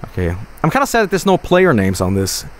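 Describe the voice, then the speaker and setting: Animated, yelling game streamer man. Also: fairly quick. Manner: swings from low grumbling to loud yelling and cursing at the game. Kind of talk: live gameplay commentary.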